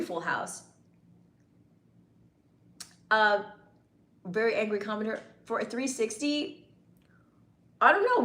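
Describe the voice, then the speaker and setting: A woman's voice: medium pitch, roomy sound. A woman hosting a casual livestream, reading chat comments and teasing her viewers playfully.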